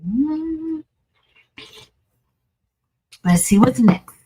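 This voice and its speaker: A woman's voice: sits high, lively intonation, drawn-out words, warm tone, breathy edge, low-quality recording. A woman hosting a crafting livestream, chatting casually and muttering to herself as she works, with frequent laughs. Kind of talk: casual think-aloud crafting stream.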